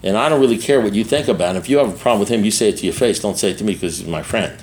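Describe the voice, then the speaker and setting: Man doing gruff loyal friend, firm, dismissive, deeper than his usual voice, faint background noise. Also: racing, a little mellow, lightly acted, rough recording. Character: loyal, gruff male friend defending a buddy.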